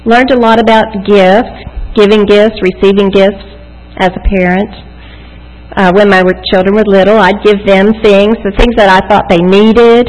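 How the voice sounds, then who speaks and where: A woman in her forties gives a devotional talk, weaving stories about her children between scripture readings. Her voice sits at a middle pitch. It carries a long hall reverb. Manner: warm storytelling with scripture readings. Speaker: church speaker. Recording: echoey hall.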